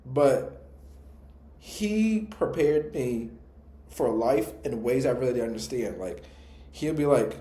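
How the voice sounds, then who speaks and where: A young adult man co-hosting a podcast, telling stories in a relaxed, slangy, reflective way. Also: medium pitch, takes it slowly, long pauses, roomy sound. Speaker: podcast co-host. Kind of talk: casual storytelling.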